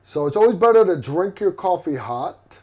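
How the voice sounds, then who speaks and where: A man's voice: sits high, very animated, normal speed, warm tone. A middle-aged man hosting a livestream in casual chat, rambling and blunt with lots of fillers and restarts. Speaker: livestream host.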